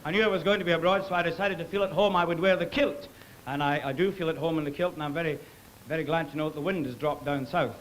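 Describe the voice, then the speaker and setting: A Scottish man, a singer and comedian, delivering quick self-mocking stage patter on a theater stage. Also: a little high, slight background noise, low-quality recording. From Scotland. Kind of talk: stage patter between songs.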